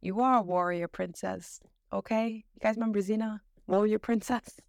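A woman's voice: medium pitch, fairly even intonation, normal speed, vocal fry, no room sound, studio quality. A young adult woman hosting a motivational podcast. She talks in a sisterly, slangy, emphatic way to encourage her listeners. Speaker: podcast host.

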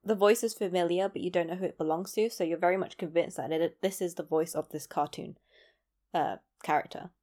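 A woman's voice: lowish voice, steady tone, brisk, darkish tone. A young woman and aspiring voice actor, talking casually to camera in a chatty, self-deprecating way, laughing often.

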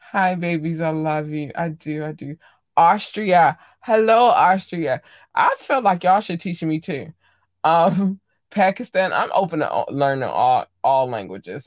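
Animated woman podcast host. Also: no echo, studio quality. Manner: animated, squealing high on greetings to listeners. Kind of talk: casual solo podcast chat.

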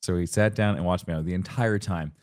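A man hosting a casual podcast, animated and joking, who also slips in sponsor plugs. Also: sits low. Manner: animated, joking, quick ad reads. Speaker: podcast host. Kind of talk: casual chat.

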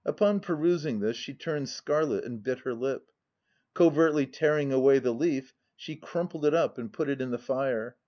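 A man narrating a classic novel as an audiobook in an even, measured reading style. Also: medium pitch. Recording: slightly dull lo-fi audio.

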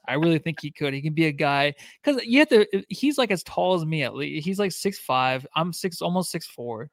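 Man, podcast co-host, quick speech, slightly high pitch, dry sound. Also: expressive, a bit bright, no room sound. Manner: rambling, easygoing. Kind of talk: casual chat.

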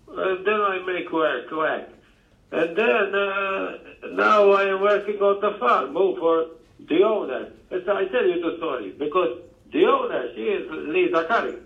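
A man's voice: sits high, a little slow, creaky, roomy sound, narrow, tinny audio. Maltese man with broken English. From Malta. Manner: broken English, deadpan jokes. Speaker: podcast guest. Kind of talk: comic chat.

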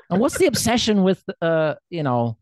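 A man's voice: high voice, wildly swooping pitch, a little slow, a little mellow, dry recording, clean studio sound. An American man hosting a casual interview, curious and laughing often. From United States. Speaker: podcast host.

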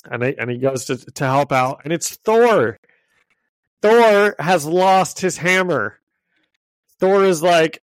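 A man co-hosting a podcast, casually recapping a kids' comic in a loose, laughing way with quick paraphrased quotes. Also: on the high side, lively intonation, clean tone, no echo. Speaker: podcast co-host. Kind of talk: casual chat, retelling a comic.

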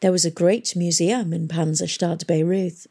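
A woman voicing a calm, scholarly historian in a storybook reading, matter-of-fact. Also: lowish voice, moderate pace, husky.

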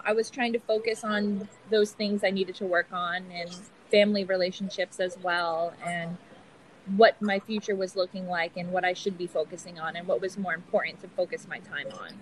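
A woman's voice: on the low side, a little hiss or hum, rough recording. A young woman speaking as a podcast guest, earnest and reflective in casual chat.

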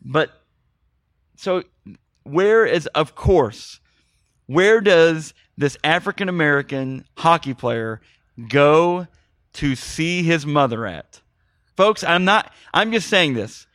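A male podcast co-host with a fairly high, fairly bright voice speaks slowly with lively intonation and long pauses. He chats casually and sarcastically about a bad movie, calling his listeners "folks." The recording is dry and studio quality.

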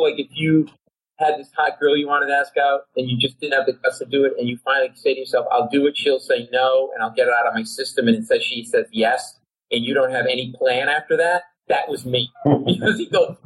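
A man, a comedian, telling a comic story on a podcast in an excitable way that keeps jumping into high, shouted asides. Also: low-quality recording. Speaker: comedian guest.

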